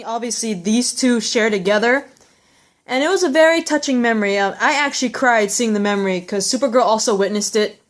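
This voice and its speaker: A woman vlogging in a casual, rambling and gushing way, with many fillers. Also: fairly high pitch. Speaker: vlogger reviewing a TV episode. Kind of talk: casual chat.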